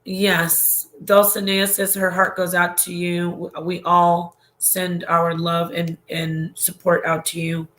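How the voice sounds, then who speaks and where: A woman's voice: lowish voice, monotone, takes it slowly, few pauses, a bit bright. Rambling, emotional woman streaming live. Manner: rambling and emotional, with frequent laughs and restarts. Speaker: livestream host reading viewer comments. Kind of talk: casual livestream chat.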